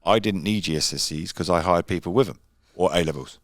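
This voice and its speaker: Man, blunt streetwise talk, lowish voice, dry recording. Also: brisk, dry recording. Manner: blunt, streetwise, swears freely. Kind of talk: casual podcast chat.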